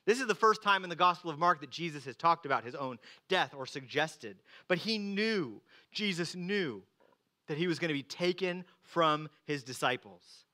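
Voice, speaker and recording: A man preaching a sermon, earnest, moving from loud emphatic lines to slow, hushed ones. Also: a little high, animated. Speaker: pastor.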